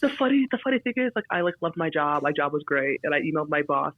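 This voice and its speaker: A young American woman, a podcast guest, chatting casually and telling lively anecdotes. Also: deep voice, very fast, dry recording. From United States. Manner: animated storyteller, quotes others in lively voices. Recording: dry, slightly dull audio.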